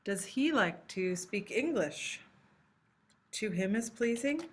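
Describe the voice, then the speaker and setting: A woman teaching a recorded language lesson, explaining patiently step by step and slowing down to model example phrases. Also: medium pitch, lively intonation, slight background noise. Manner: slows down to model Spanish phrases. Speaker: Spanish teacher.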